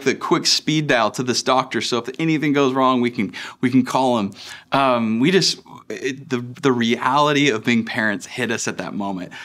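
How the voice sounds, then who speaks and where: A man's voice: medium pitch, a bit bright. A young adult man, a pastor, giving a conversational sermon with fillers and restarts.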